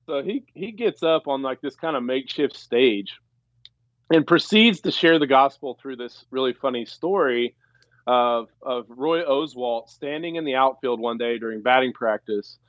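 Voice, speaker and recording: A man's voice: medium pitch, normal speed, dry recording. Rambling male guest, dull dry audio. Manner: rambling, many fillers and restarts. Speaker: former pro baseball player, podcast guest. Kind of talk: casual storytelling.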